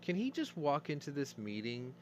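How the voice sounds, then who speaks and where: A man's voice: a little high, wildly swooping pitch, normal speed, a little mellow, dull audio, slight background noise. A man hosting a casual news commentary show, rambling and opinionated, swearing as he talks. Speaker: host.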